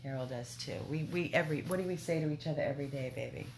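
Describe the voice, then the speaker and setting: A lower-pitched woman hosts a casual live video from a dog rescue house. She chats with viewers, repeats herself and breaks off to talk to the dogs. The home recording carries a lot of steady background noise. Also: rapid-fire. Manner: chatty, talks to viewers and dogs, repeats words.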